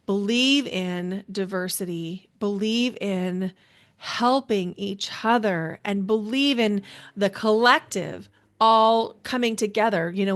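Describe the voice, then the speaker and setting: A woman hosting a solo podcast, speaking earnestly and deliberately with pauses, in a spiritual, emotional tone. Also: medium pitch. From United States. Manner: spiritual, guiding a grounding exercise. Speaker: podcast host.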